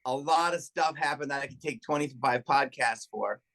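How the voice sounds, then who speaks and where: A middle-aged man, a comedian and podcast guest, telling profane, animated stories in casual chat and acting out what people said. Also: medium pitch, moderate pace. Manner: profane, animated anecdote telling with acted-out quotes.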